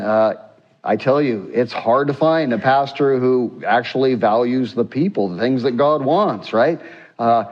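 A man's voice: mid-range voice, dull audio. A man preaching a sermon, asking the congregation rhetorical questions and acting out scripture quotes with a rising voice. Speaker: pastor.

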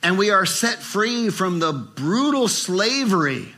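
An older man preaching a sermon, animated and acting out inner voices with rising pitch. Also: slow pace. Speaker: pastor.

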